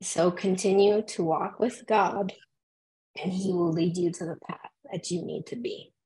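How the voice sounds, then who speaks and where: Woman, cast member, reads affirmations slowly, emotional and halting. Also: fairly low pitch, steady tone, mellow, poor audio. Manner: emotional, halting, with pauses and fillers. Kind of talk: reading self-affirmations.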